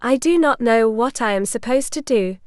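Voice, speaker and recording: A woman's voice: on the high side, normal speed, dry recording, studio quality, close to an everyday voice. Woman reading as a proud, wary young bride. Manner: proud yet uneasy, often hushed. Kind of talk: audiobook character reading.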